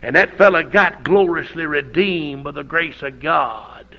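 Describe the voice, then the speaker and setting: An older man, preaching a folksy, animated storytelling sermon that breaks into shouted outbursts. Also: on the high side, measured pace, vocal fry, lo-fi sound.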